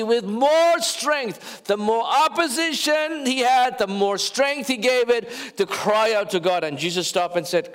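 A male pastor preaching a sermon, addressing the congregation directly, animated and drawing words out as he cries them louder. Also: extremely high pitch, a little slow, hardly any pauses, smooth, in a large hall. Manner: talks straight to the congregation, with fillers and restarts. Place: church sanctuary.

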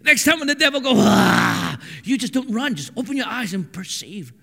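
A man preaching a sermon, telling stories with animated swings from hushed to shouting. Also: extremely high pitch, fast talker. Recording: echoey hall with long reverb.

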